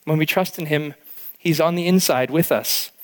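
A man's voice: on the high side, normal speed, in a large hall. A male pastor preaching an earnest, heartfelt sermon, with frequent restarts.

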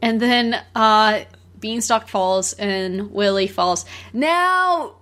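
A woman's voice: mid-range voice, very slow. Chatty woman retelling a cartoon. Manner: chatty, laughs easily, animated retelling. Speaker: podcast co-host. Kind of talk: casual film discussion.

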